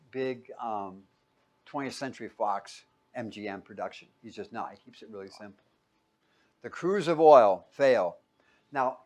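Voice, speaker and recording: A male pastor preaching a sermon, putting questions to his listeners and answering them himself, with sudden loud peaks and quiet, low asides.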